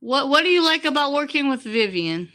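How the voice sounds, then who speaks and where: A woman's voice: sits high, very animated, a little fast, bright, forceful tone. A woman hosting a casual podcast interview, chatty and restarting her questions as she goes. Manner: chatty, repeats words as she asks questions. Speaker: podcast host.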